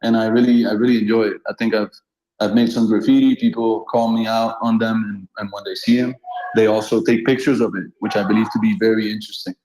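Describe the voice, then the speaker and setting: A man in his thirties from Colombia, a street artist telling funny anecdotes in a relaxed, animated way and laughing often. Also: lowish voice, fast, slight background noise. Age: 30s. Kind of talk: casual storytelling. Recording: roomy echo.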